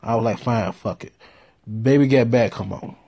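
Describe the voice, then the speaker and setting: A man telling a profane story in a laid-back way, with deadpan punchlines. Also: medium pitch, moderate pace, gravelly, husky. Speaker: storyteller host.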